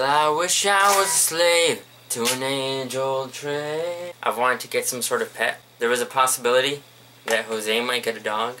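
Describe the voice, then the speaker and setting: Rambling young man with a bright voice. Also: medium pitch, a little hiss or hum, poor audio. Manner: rambling, offhand, jokey. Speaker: vlogger. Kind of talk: rambling casual vlog.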